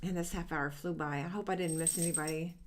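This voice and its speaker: A woman's voice: deep voice, fairly even intonation, fast talker, slight background noise. A middle-aged woman talking through a live stream reading session, earnest and upbeat, rambling with plenty of fillers and restarts. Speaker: psychic reader hosting a live stream. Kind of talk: casual live-stream chat.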